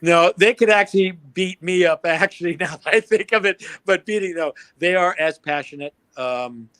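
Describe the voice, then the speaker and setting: An excitable man from the United States, chatting as a guest on a livestream. He curses freely and laughs easily. His voice sits a little high and sounds dry and close. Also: moderate pace, no room sound. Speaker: guest, product formulator. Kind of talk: casual chat on a livestream.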